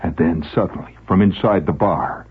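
A man's voice: low-pitched, moderate pace, breathy edge, narrow, tinny audio. A man telling a first-person story in a wry, vivid way.

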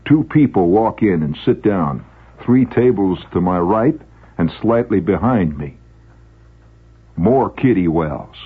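A man's voice: sits low, animated, slow pace, breathy edge, narrow, tinny audio. A man telling a first-person story in a wry, vivid way.

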